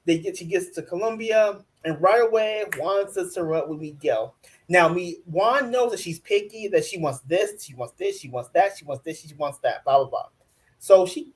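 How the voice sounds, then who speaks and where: A man co-hosting a casual TV recap chat, talking in an animated way, laughing often and repeating himself. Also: high-pitched, moderate pace. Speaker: podcast co-host.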